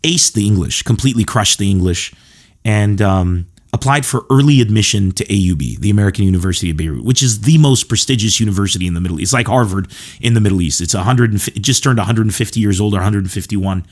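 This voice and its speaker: A man from Lebanon hosting a comedy podcast, his voice sitting fairly low. He tells long, meandering stories in a relaxed way, chuckling as he goes and often restarting his sentences. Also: fast. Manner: rambling, chuckling, frequent restarts. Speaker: podcast host. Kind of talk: casual comedic storytelling.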